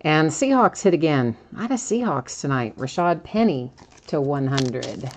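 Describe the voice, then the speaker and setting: A woman's voice: deep voice, expressive, normal speed, slight background noise. A woman hosting a live card-breaking stream, chatting casually and laughing often as she reads out each card.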